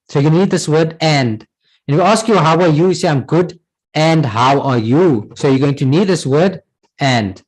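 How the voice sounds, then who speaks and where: A man's voice: on the high side, a little mellow, rough recording. A man teaching an Arabic class, patiently repeating words and checking in with "right?" as he explains. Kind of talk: online class lesson.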